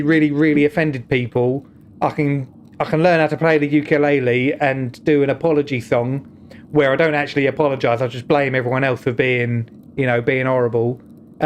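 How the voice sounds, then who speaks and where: A man's voice: a little high, a little hiss or hum. A young British man streaming a game, talking in casual, joking, rambling commentary that mocks himself. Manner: joking, rambling, self-mocking.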